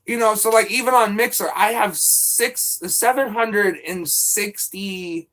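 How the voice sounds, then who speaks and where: High-voiced young man venting on stream. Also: unhurried, a bit bright. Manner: profane, venting, rambling. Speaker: live streamer. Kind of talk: casual stream chat.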